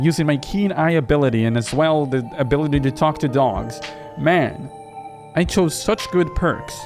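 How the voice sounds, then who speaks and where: A man's voice: on the high side, moderate pace, over music. A man hosting a let's play video, joking and laughing at himself while playing a horror game. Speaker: gaming video host.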